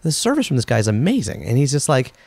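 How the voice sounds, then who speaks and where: A man hosting a podcast, telling a story in a chatty, animated way and acting out the quotes. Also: mid-range voice, quick pace, creaky, no echo. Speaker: podcast host.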